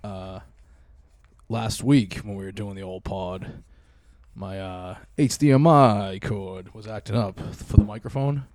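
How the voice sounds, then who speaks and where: Gravelly-voiced young man rambling profanely. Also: on the low side, measured pace, darkish tone, no room sound. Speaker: podcast co-host. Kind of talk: casual podcast chat.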